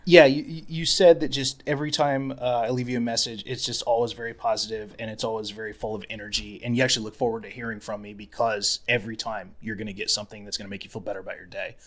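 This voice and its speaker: A man's voice: fairly low pitch, fairly even intonation, fast talker, hardly any pauses. A man talking as a podcast guest in casual interview chat, frank and reflective, swearing now and then.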